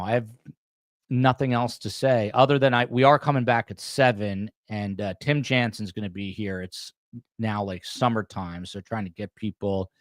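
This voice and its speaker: A man's voice: on the low side, dry recording, studio quality. Rambling man hosting a podcast. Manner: rambling, reading chat comments aloud. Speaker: podcast host. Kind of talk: casual livestream sign-off chat.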